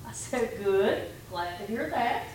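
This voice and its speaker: A woman's voice: fairly high pitch, animated, slow pace. A woman pastor preaching a sermon in a conversational, storytelling way, retelling her talks with a congregant. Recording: echoey room from far off, faint background noise.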